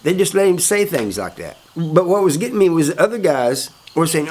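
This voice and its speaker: A man's voice: a little high, expressive, fairly quick, few pauses, darkish tone. Laid-back man telling a story. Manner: laid-back, chuckling, many fillers. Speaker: host telling prison stories. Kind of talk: casual storytelling.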